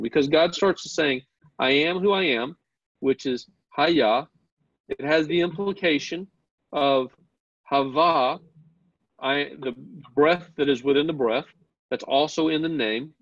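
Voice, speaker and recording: A man with a higher-than-average voice teaches a Bible class, explaining things step by step and putting questions to the class. He often repeats words as he begins a sentence. The recording is dry and muffled.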